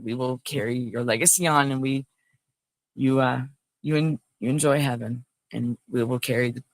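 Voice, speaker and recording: A woman's voice: very deep voice, creaky, no room sound. A woman hosting a casual livestream, chatting in a rambling way and greeting viewers by name. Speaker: livestream host. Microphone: phone.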